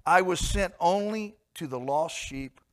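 Preacher doing a stern calm teacher, slow and grave, gets real quiet and hushed. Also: male voice, high-pitched. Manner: slow, grave, dropping to a hush.

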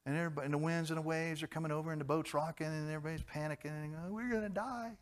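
A pastor preaching a sermon, swinging between loud, emphatic outbursts and quiet, gentle asides. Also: male voice, fairly high pitch, monotone, very fast, clean tone.

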